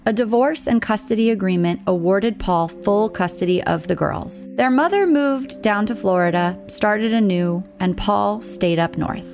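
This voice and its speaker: A woman narrates a true-crime documentary in a measured, scripted way. Her voice has a gravelly, fry-edged texture over faint background music. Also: mid-range voice, darkish tone. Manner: measured, storytelling delivery.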